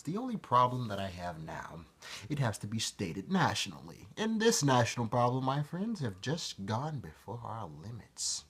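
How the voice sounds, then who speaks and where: A man's voice: medium pitch, huge pitch swings, normal speed, a bit bright, husky. A man talking to camera in a rambling, profane vlog monologue that keeps interrupting itself. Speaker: vlogger.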